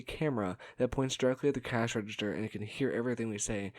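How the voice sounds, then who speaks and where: A man's voice: lowish voice, fast, hardly any pauses. A young man telling stories from his customer service job in a rambling, casual way, laughing often and filling with "like". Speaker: vlogger telling work stories. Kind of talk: casual storytelling.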